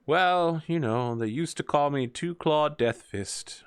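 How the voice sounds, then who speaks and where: Cast: man doing a chatty old grandmother, ex-fighter, gently nosy, slightly raised voice, dry sound. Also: on the high side, slow, clean tone, no room sound, voice pushed up. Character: worldly old grandmother, former martial artist.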